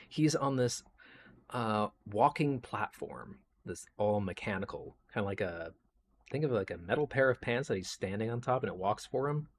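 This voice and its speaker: A man narrating a tabletop game as game master, loose and lively with many fillers. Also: fairly low pitch.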